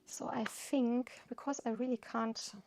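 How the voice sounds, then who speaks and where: A woman's voice: on the high side, flat delivery, unhurried, vocal fry, a little mellow, a little hiss or hum. A woman with a German accent, a native German speaker, chatting casually and a little hesitantly as she colors, searching for words, with faint music behind her. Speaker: coloring channel host. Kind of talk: casual chat while coloring.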